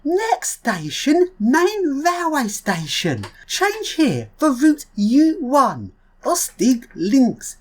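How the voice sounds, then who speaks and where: A woman putting on a train announcer's voice, slow and deliberate, each stop drawn out. The delivery is formal and measured, sitting a little higher than her own pitch. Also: huge pitch swings, darkish tone, heavily acted.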